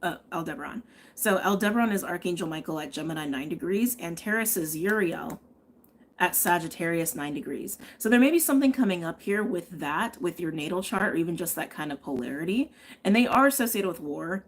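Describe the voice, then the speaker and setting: Giving a live tarot and astrology reading, this woman chats and thinks aloud, often checking in with "okay?". Her voice is on the low side with lively intonation and a brisk pace, against slight background noise.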